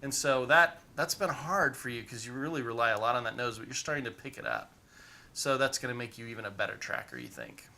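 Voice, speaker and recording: A man's voice: mid-range voice, big pitch swings, a little fast, vocal fry, pushed and bright. A man running a tabletop game as game master, narrating in a rambling way full of "you know" fillers.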